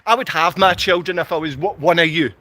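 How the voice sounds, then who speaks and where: A man's voice: fairly high pitch, brisk, sharp tone. A man with a Glasgow accent ranting angrily to camera, hurling insults and repeating himself. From Scotland. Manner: furious, insulting, repetitive ranting. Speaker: vlogger. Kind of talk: angry direct-to-camera rant.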